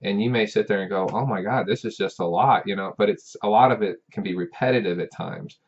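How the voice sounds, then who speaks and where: Man, very low voice, professor talking to students, rambling, repeats himself, dull lo-fi sound. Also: brisk, husky. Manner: rambling, repeats words, direct address. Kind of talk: casual talking-head advice.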